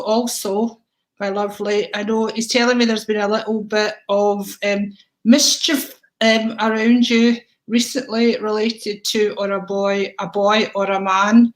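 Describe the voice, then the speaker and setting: Scottish woman, medium hosting a live stream; chatty, calls viewers darling and sweetheart. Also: a little high. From Scotland. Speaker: psychic medium livestream host.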